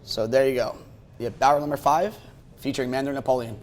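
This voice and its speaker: A middle-pitched man walks through making a drink in a friendly, explanatory way. There is faint background noise from the bar. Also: fairly even intonation, fast talker, a little mellow. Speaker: head bartender. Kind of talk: cocktail demonstration. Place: restaurant bar.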